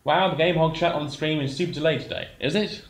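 A man's voice: fairly high pitch, quick pace, echoey room, a crowd in the background. A man co-hosting a gaming livestream, chatting casually and hesitantly while reading the chat aloud.

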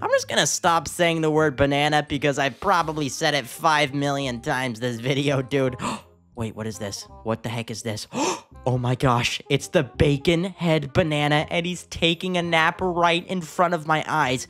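Excitable young man narrating gameplay. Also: fairly high pitch, normal speed. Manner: excitable, gasping, keeps calling viewers dude. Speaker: gaming YouTuber. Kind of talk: gameplay commentary.

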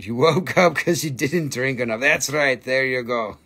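A man's voice: mid-range voice, measured pace, few pauses, pushed and bright, slightly rough. A man hosting a live-stream sale, playful and joking, bantering with viewers and himself into a phone. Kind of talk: live-stream sales pitch.

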